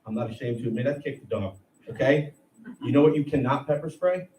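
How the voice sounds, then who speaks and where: A man in his thirties doing a profane, animated stand-up set on a comedy club stage. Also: medium pitch, fairly quick, highs cut off. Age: 30s. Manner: profane, animated, acts out voices. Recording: echoey room, heard from a distance. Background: audience laughter and room noise.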